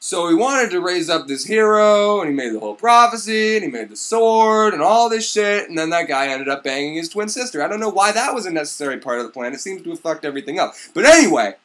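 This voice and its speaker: Excitable young man, lively sweary comedy. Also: high-pitched, fast talker, hardly any pauses. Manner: excitable, crude, rambling, shouty bursts. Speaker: comedic storyteller. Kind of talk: profane comedic myth retelling.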